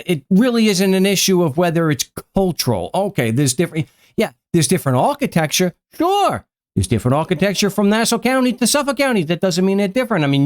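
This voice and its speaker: Middle-aged long island guy with a thick ny accent, chatty, stumbles over words, voice sits a bit high. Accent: Long Island New York. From Long Island, New York. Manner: repeats words and restarts, chatty. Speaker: genealogy video host. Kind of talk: casual chat to camera.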